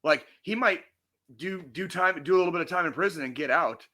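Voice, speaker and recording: A slightly high-voiced man co-hosting a podcast goes off in a brisk, pushed and bright tone. The heated rant is full of angry swearing, emphatic repetition, and restarts.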